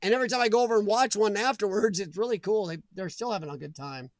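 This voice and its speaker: A man's voice: sits high, fast talker, dry recording. A middle-aged man hosting a casual live stream from his home, rambling in a chatty way and answering viewer comments. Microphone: desk mic.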